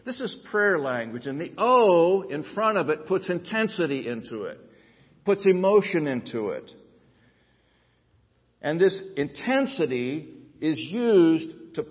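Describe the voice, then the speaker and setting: A man's voice: fairly high pitch, very animated, measured pace. A man preaching a sermon, explaining Bible passages and reading scripture aloud with rising intensity. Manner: swells to loud intense emphasis when reading scripture aloud. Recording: dull sound with long hall reverb.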